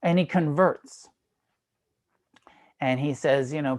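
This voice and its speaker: A man's voice: on the high side, slow pace, long pauses. A man giving a dharma talk as a meditation teacher, retelling a story in a casual, irreverent way with swearing and laughs. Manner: casual and irreverent, with profanity and fillers; animated retelling with frequent laughs.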